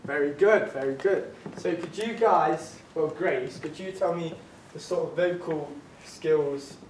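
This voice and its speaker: A man's voice: a little high, measured pace. A man leading a drama workshop, giving upbeat, encouraging instructions to his class. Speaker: drama teacher. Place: drama studio. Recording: echoey room, distant mic, faint noise.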